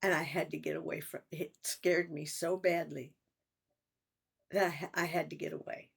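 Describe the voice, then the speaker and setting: An older woman in a personal vlog, talking in a halting, reflective way with sighs and restarts. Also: sits low, fairly even intonation, gravelly, husky. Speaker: vlogger.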